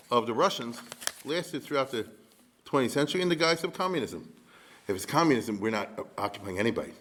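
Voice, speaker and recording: A man, a rabbi, giving a conversational history lecture, often checking in with his listeners and dropping wry humorous asides. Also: mid-range voice. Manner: chatty, keeps checking in with the audience.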